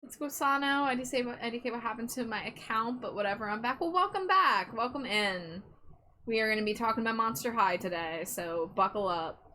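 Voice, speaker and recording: A woman hosts a live stream in a loose, chatty way, cursing freely and getting excited. Her voice sits a little high and sounds bright and crisp. She talks with easy, unscripted energy. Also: brisk, a little hiss or hum. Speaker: streamer host. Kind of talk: casual chat on a live stream.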